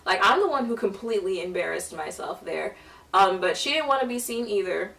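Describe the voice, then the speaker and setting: A young woman telling a funny personal story to the camera in a casual, animated way, acting out what people said to her. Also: mid-range voice, brisk, vocal fry. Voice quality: animated, chatty, quotes people in playful voices. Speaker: vlogger. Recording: mic a little far off.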